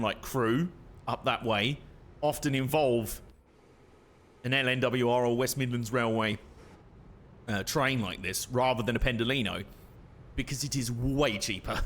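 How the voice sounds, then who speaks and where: A man's voice: medium pitch, a bit bright, a little hiss or hum. Chatty young man streaming a train game. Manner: chatty, self-mocking, laughs often. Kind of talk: casual gameplay commentary.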